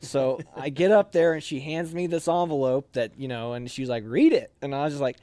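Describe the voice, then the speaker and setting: Young man telling an animated story. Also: medium pitch, a little fast, no room sound, faint music behind. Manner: animated, acts out quoted voices. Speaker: officer candidate interviewee. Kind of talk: casual storytelling.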